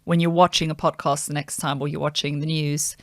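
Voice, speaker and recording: A woman hosting a podcast interview in a casual way, engaged, with quick reactions. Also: low voice, flat delivery, no room sound, studio quality. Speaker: podcast host.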